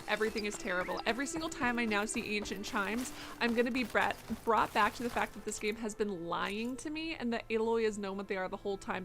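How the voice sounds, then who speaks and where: A woman streaming a video game, ranting in dramatic exasperation. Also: medium pitch. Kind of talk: live game stream commentary.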